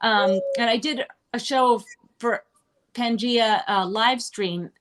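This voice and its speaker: A woman's voice: fairly high pitch, takes it slowly, fairly bright tone, a little hiss or hum. A middle-aged woman from Manhattan, chatting as an interview guest in a rambling way, full of fillers and asides. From Manhattan, New York. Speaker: guest performer. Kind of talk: casual interview chat. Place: restaurant, live-streamed.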